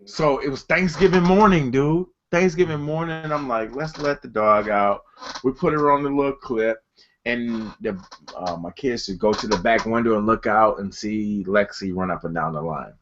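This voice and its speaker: Middle-aged male co-host; crude, animated storyteller, bright voice, lo-fi mic. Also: medium pitch, moderate pace, slight background noise. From Detroit. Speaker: podcast co-host. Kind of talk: casual storytelling.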